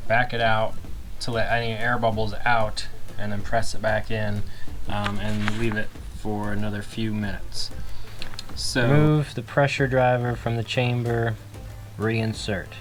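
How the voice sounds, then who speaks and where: A man casually talking through a do-it-yourself car repair, relaxed and self-deprecating, with plenty of fillers. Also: fairly low pitch, unhurried, music in the background. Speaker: DIY vlogger. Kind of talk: casual how-to narration.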